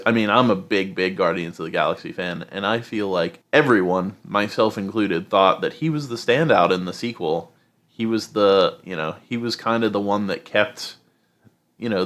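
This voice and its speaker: A man with a fairly low voice co-hosting a podcast. He rambles through his opinions in a loose, casual way, filling the gaps with "you know" and "uh". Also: fairly bright tone. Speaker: podcast co-host.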